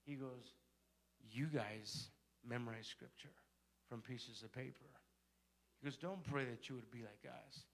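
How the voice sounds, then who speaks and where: A man's voice: mid-range voice, a little slow, creaky, long pauses. A male pastor telling a story in a sermon and building to fervent exhortation. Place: church sanctuary.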